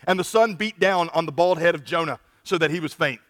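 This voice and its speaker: High-voiced man preaching in a hall. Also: a little fast. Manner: animated, acts out quoted voices with big jumps in volume. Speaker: pastor. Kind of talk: sermon.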